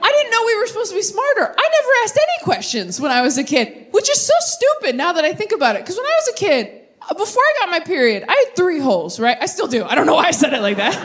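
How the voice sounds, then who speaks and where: A woman in her thirties performing a stand-up set, riffing quickly and mocking herself as she works the crowd. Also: very high voice, huge pitch swings. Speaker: stand-up comedian. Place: large comedy venue with a live audience. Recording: live stage recording with audience noise.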